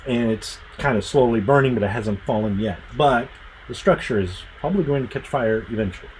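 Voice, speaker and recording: A man running a tabletop game as game master, narrating with animated storytelling and sound effects. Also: medium pitch, a little fast, slight background noise, low-quality recording.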